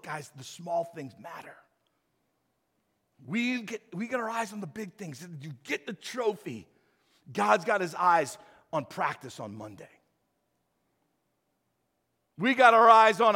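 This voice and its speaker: A pastor with a high voice preaches with emphasis and moves from loud bursts to quiet asides. A long hall reverb hangs behind every sentence. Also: male voice. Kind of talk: sermon.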